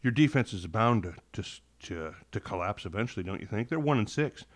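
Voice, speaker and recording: Speaking fairly quickly in a lowish voice with lively intonation, a man co-hosts a laid-back sports show. Hiccups keep interrupting his thoughtful, meandering game analysis, and he often corrects himself mid-thought.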